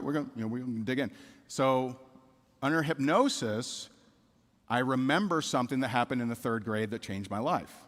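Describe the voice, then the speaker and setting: With a medium-pitched, fairly bright voice, the middle-aged keynote speaker gives a motivational talk in a reverberant hall. He shares a personal story, repeating himself candidly, and asks the crowd questions.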